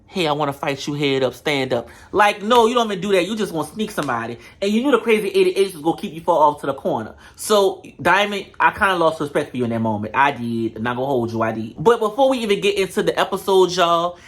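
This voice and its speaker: Sassy host recapping reality tv to camera, mid-pitched, no filter. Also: expressive, fast, few pauses. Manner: blunt, sassy, talks straight to viewers. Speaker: show reviewer. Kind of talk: casual reality-show recap. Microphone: camera mic.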